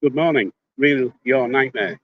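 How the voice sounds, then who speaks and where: On a handheld phone livestream, a Yorkshire man of older years chats in an unhurried, mid-range voice, greeting viewers by name. He's blunt, swears casually and speaks before he thinks. The sound is phone-quality with a little hiss or hum.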